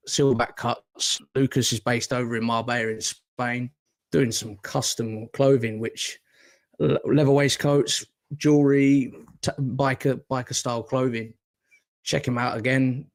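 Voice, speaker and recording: A man's voice: mid-range voice, steady tone, measured pace. A man with a Northern English accent hosts a casual podcast chat. He rambles, swears freely and laughs at his own fumbles. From Northern England. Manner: rambling, sweary, self-deprecating. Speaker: podcast host.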